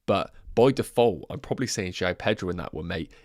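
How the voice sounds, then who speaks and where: A man's voice: low voice, animated, a little mellow, dry recording, studio quality. A man hosting a casual fantasy football livestream, chatting to viewers and answering their questions, a bit out of breath. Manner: chatty, banters with chat, quick asides.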